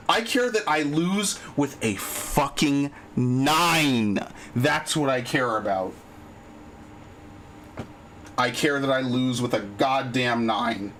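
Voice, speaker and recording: A man's voice: mid-range voice, fairly bright tone, a little hiss or hum. A man live-streaming a game, talking casually, frustrated and swearing a lot. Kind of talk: casual live-stream chat while gaming.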